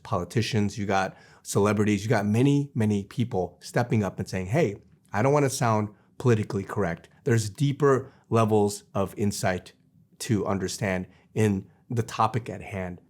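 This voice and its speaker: A man with a fairly low voice delivers a Christian video sermon. He is earnest and insistent, circling back on the same phrases and restarting sentences as he builds his argument. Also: normal speed. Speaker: Christian preacher. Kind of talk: preachy video monologue.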